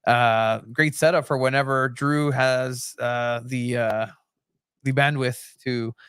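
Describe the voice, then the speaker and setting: A man's voice: medium pitch, steady tone, takes it slowly, a bit bright, smooth, dry recording, studio quality. A man co-hosting a podcast in a casual, rambling chat, laughing often and acting out film scenes. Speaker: podcast co-host.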